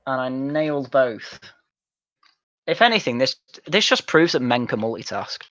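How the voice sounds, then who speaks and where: A young man chats while gaming, blunt and sweary with a mocking edge. His pitch sits in the middle. The sound is dull and dry, like a close home mic. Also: sing-song, moderate pace, fairly bright tone, no room sound. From Manchester, England. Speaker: streamer. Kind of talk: casual chat while gaming.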